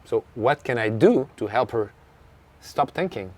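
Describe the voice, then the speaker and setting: With lively intonation and a medium pitch, a French tennis coach speaks a little slowly as he tells a story in an interview. He is earnest and reflective, with a French accent, and acts out the dialogue he remembers.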